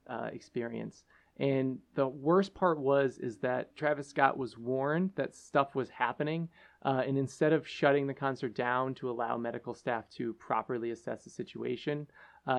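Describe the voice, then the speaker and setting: Gravelly guy on a chill podcast, earnest, lots of ums and uhs. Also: medium pitch. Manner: earnest, halting with many fillers. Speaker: podcast co-host. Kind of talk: casual podcast discussion.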